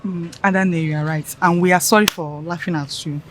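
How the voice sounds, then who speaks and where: A woman's voice: lowish voice, steady tone, fairly quick, a little hiss or hum, lightly acted. A woman playing a teasing scheming ringleader. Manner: persuasive, teasing. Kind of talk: Nollywood film acting.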